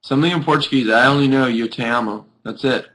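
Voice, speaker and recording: A man's voice: medium pitch, fast talker, a bit bright, low-quality recording. A sleepy young man hosting a live video chat, chatting casually with viewers in a rambling way full of "like". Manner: rambling, peppered with "like". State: sleepy, yawning.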